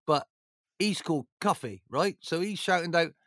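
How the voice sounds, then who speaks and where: A man telling stories as an interview guest, rambling and jokey with plenty of "you know"s. His voice sits a little high and swings up and down with energy. The sound is dry and close. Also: moderate pace, fairly bright tone, no echo. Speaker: former football manager, interview guest. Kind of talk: casual storytelling chat.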